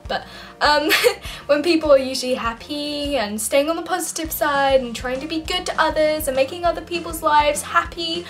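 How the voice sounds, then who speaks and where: A woman's voice: high-pitched, moderate pace, a bit bright, soft background music. A young woman from England vlogging casually to camera, bubbly and giggly, laughing often between points.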